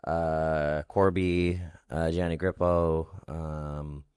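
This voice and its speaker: A young man co-hosting a podcast, talking in a relaxed, rambling way and trailing off mid-sentence. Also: extremely low pitch, extremely slow, clean tone, no room sound, clean studio sound. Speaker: podcast co-host. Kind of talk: casual chat.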